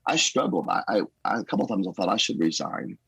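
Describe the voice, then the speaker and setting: Man, pastor, very low voice, husky, animated storytelling, dry recording. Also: fast, no room sound, rough recording. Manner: animated storyteller, acts out quotes. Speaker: guest. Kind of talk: casual storytelling conversation.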